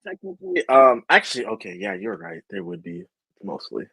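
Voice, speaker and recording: A man's voice: on the high side, a little fast, vocal fry, breathy edge, no room sound, low-quality recording. A young man chatting casually as a podcast guest, rambling with many fillers. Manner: rambling, lots of fillers, animated. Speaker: guest, state house candidate. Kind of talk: casual chat.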